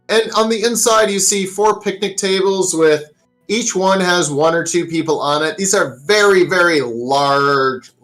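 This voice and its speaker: Brief: laid-back game master, mid-pitched, loose and chatty narration. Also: low-quality recording. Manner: relaxed, filler-heavy narration.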